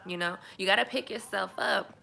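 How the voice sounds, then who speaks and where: A woman's voice: mid-range voice, brisk, creaky, pushed and bright, a little hiss or hum. A young woman, chatting candidly and emphatically to camera as a single mom. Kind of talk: casual chat to camera.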